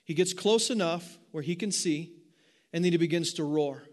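High-voiced man preaching a lively sermon. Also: moderate pace. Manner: animated preaching with rhetorical questions. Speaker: pastor.

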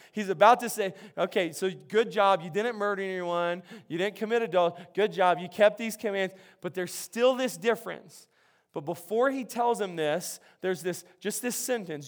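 A man preaching a sermon, animated and conversational, with frequent restarts and acted-out quotes. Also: sits high. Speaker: pastor.

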